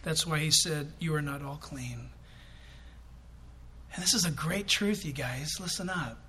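A middle-aged man preaching a sermon as pastor, animated, acting out quotes with sudden loud bursts. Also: on the high side, measured pace, breathy edge.

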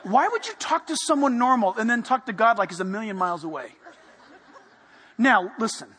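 A man preaching a sermon, animated and playful, dropping to a hush for emphasis. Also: sits high, moderate pace, in a large hall, slight background noise. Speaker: pastor.

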